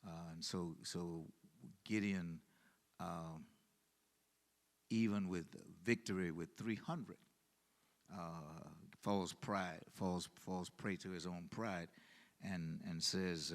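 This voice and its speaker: A man leading a Bible study as pastor, halting with fillers and restarts, then swelling into emphasis. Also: low-pitched.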